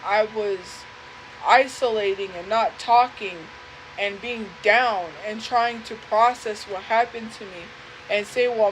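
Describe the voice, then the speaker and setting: A young woman telling a personal story live, speaking earnestly and haltingly and often repeating herself. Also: medium pitch, a little hiss or hum, poor audio. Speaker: livestream host.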